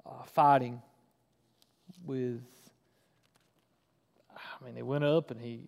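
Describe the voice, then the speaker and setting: A man with a fairly high voice preaches and reads scripture aloud, swinging between hushed passages and loud, emphatic bursts. He often restarts his sentences as he goes. His voice carries a long reverberant tail in a hall. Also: gravelly. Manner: animated, rising loud for emphasis, frequent restarts. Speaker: pastor. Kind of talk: sermon with scripture reading.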